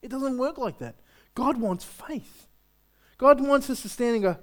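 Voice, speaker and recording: A male pastor giving a sermon in a conversational, animated way, with lots of rhetorical questions. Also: extremely high pitch, unhurried.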